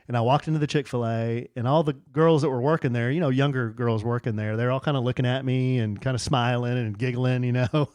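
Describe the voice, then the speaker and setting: A man's voice: medium pitch, no echo, studio quality. A middle-aged man co-hosting a podcast, telling a long personal story in a rambling, casual way with fillers. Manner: rambling, restarts with fillers, animated when quoting friends. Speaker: podcast co-host.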